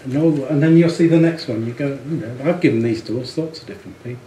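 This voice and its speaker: A man's voice: mid-range voice, quick pace, hardly any pauses, mellow, echoey room, a little hiss or hum, rough recording. A man giving a presentation on branding, chatty and amused, often repeating words as he thinks. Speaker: speaker on branding and packaging. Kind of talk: presentation to an audience.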